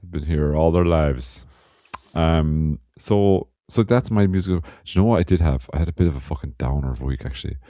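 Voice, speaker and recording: Very deep-voiced Irish man, casual podcast. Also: fairly quick, warm tone, no room sound. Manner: rambling, swearing, laughs often. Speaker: podcast co-host. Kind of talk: casual chat.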